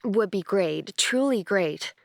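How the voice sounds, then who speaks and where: A woman's voice: mid-range voice, animated, slow pace, creaky, no room sound, studio quality. A woman voicing a charismatic young actress who speaks with dreamy earnestness, in a storybook reading. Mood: earnest.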